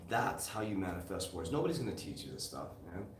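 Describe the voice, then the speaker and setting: A man's voice: sits low, big pitch swings, fast. A man who is a motivational coach and host, talking in an emphatic, repetitive storytelling manner on a podcast. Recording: echoey room, distant mic, background noise.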